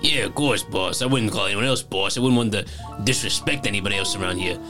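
A man's voice: fairly low pitch, fast talker, over music, lightly acted. A man voicing a fawning male gangster henchman in a tabletop game, with a put-on New York gangster manner. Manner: fawning, tough-guy swagger.

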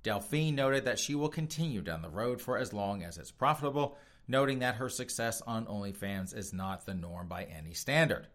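A podcast host delivers opinion commentary in a low-leaning, expressive, fairly bright voice at normal speed. He's sarcastic and mocking, laughs often, and addresses his listeners directly as folks.

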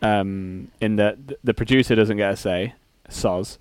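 A man who produces and chats on a comedy podcast. His voice is smooth and resonant with a dry, close sound. He tosses off quick, playful jokes. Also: fairly low pitch, no echo. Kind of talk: casual comedic chat.

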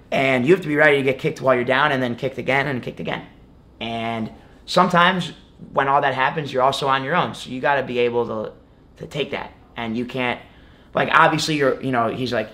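A man's voice: medium pitch, fairly bright tone. A young man talking casually as an interview guest, rambling with lots of fillers. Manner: rambling, many fillers like "like" and "you know". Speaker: guest, college wrestler.

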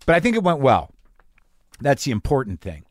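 A man's voice: mid-range voice, huge pitch swings, fairly quick, no echo, studio quality. A man hosting a podcast from a garage, telling stories in a rambling, profane, self-deprecating monologue. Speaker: podcast host. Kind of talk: casual monologue. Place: garage studio.

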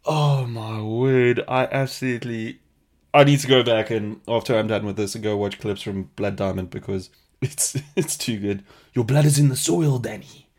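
A man hosting a casual question-and-answer podcast, chatty and animated, laughing often. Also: fairly low pitch, moderate pace. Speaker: podcast host.

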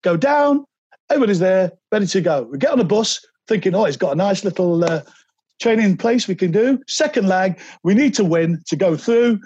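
A man, a podcast guest telling animated anecdotes and slipping into quoted voices. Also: sits high, brisk, slightly rough, highs cut off. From England. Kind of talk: anecdotal interview storytelling.

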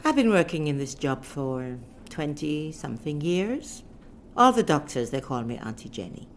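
Lively, low-voiced woman. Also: normal speed, music in the background. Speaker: hospital bereavement officer. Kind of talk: documentary interview testimony.

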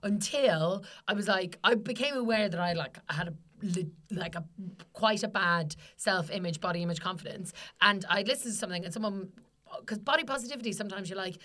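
Fast bright-voiced woman. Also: mid-range voice. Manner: sweary, emphatic, laughs often. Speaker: podcast co-host. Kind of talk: casual chat.

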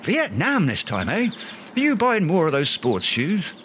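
A man's voice: high voice, wildly swooping pitch, measured pace, a bit bright, slight background noise, heavily acted. An actor playing a pompous, self-important Englishman in a radio sitcom, speaking in flowery words. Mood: indignant. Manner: grandiloquent, long-winded, flowery words.

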